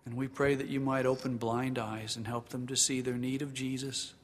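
A pastor preaching a sermon in a church sanctuary, earnest and emphatic, then leading a prayer. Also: male voice, mid-range voice, level tone, moderate pace. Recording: long reverb of a large hall.

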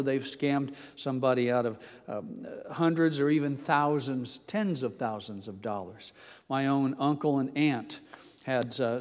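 Older man preaching in a reverberant church. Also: medium pitch. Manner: folksy and anecdotal with frequent filler pauses; slow, deliberate scripture reading. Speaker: pastor. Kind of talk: sermon.

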